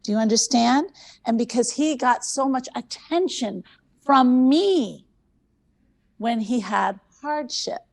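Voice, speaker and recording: Conference host, female, higher pitch with a gravelly edge, animated storyteller who repeats herself for emphasis. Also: slow pace. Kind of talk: conference talk.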